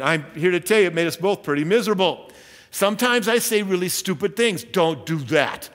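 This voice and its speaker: A man's voice: high-pitched, animated, fairly quick, a bit bright, big-room sound. A man giving a sermon as pastor, emphatic and earnest, with self-deprecating asides. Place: church.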